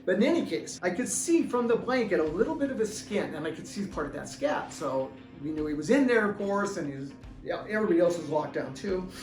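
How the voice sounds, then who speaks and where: Animated middle-aged man telling a story. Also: high voice, brisk. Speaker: author and former deputy. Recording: roomy room, distant mic, faint music.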